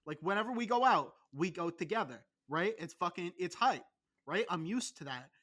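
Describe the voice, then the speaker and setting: Young male podcast host with a high, sharp voice. Excitable and profane. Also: moderate pace. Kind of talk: casual podcast banter.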